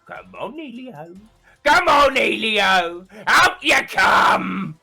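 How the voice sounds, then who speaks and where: A man voicing a menacing undead male wolf monster that mocks and taunts its prey, now and then bursting into shouts in a tabletop game. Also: a little high, wildly swooping pitch, very slow, creaky, soft background music, voice pushed up, heavily acted. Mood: taunting.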